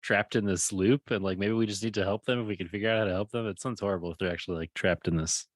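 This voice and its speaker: Co-host, man, very deep, jokey and animated, dry close mic. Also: quick pace, dry recording. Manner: jokey, animated, laughs often. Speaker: podcast co-host. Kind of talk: casual chat.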